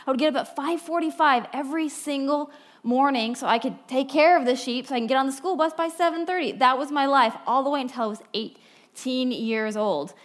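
Woman preacher, fairly high voice, animated storyteller, sermon talk. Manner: animated storytelling, wide swings from bright to hushed. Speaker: speaker at a church talk.

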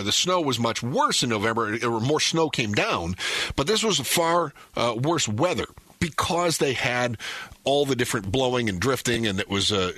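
Lively, husky-voiced radio host. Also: male voice, mid-range voice, no room sound. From northern Michigan. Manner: rambling storyteller with many fillers. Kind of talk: casual chat.

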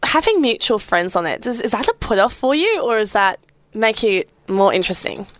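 Giggly, lively young woman podcaster. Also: medium pitch, brisk, no echo. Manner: giggly, animated, teasing. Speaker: podcast co-host. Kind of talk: casual chat.

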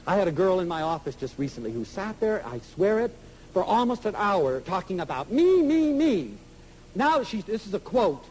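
An animated male lecturer with a high, lively voice that swoops through a wide range. He talks emphatically and slips into little acted-out dialogues. Faint noise sits under the recording. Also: normal speed, rough recording. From United States. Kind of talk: inspirational public lecture.

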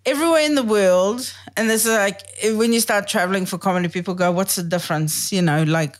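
A woman hosting a podcast in casual chat over a video call, talking freely and swearing, with quick put-on impressions of other people. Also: medium pitch. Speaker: podcast host.

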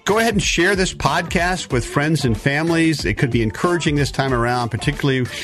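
A man's voice: on the high side, a little fast, faint music behind. A man teaching a sermon-style Bible talk for a podcast, emphatic, with frequent fillers and restarts. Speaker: podcast preacher.

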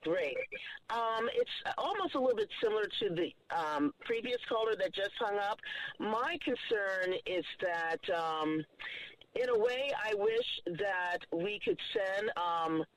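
A woman's voice: mid-range voice, very animated, unhurried, low-quality recording. A woman calling in to a radio show, speaking hesitantly with many fillers. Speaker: caller. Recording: radio call-in line.

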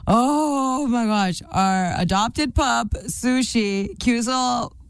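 Middle-aged woman, radio co-host, animated storyteller, dry close sound. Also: fairly high pitch, slow pace, clear, resonant tone, no room sound. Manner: animated storyteller, acts out quotes. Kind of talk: casual chat.

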